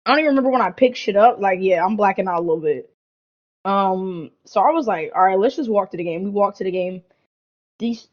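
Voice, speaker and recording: A young woman co-hosting a podcast, telling a party story in a casual, animated way, full of slang and swearing. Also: mid-range voice, muffled recording. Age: young adult. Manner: animated, slangy, heavy swearing, lots of "like" and "bro". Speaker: podcast co-host.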